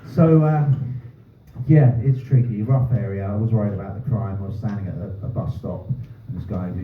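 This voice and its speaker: A man from North doing a stand-up set, ranting and swearing with dry deadpan asides. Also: fairly low pitch, normal speed, a little hiss or hum. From North London. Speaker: stand-up comedian. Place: small pub comedy room. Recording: roomy, distant, phone-like sound. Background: audience laughter.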